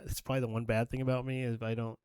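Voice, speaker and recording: A middle-aged man who works as a nurse, co-hosting a podcast and telling work stories in a casual, animated way, swearing freely and acting out what people said. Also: mid-range voice, very fast, smooth, no echo, studio quality. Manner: animated storyteller, swears freely, acts out quoted dialogue.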